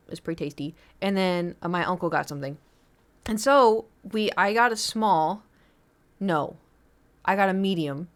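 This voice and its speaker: A woman's voice: fairly low pitch, clear, resonant tone. A young adult woman, a streamer, chatting casually and telling rambling stories full of fillers and restarts. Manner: rambling storytelling with lots of fillers. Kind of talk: casual chat on a live stream.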